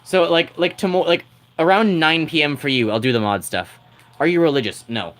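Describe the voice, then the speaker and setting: A man's voice: a little high, fairly quick, a bit bright. A man chatting with his livestream audience in a teasing, rambling way, laughing often. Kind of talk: casual livestream chat.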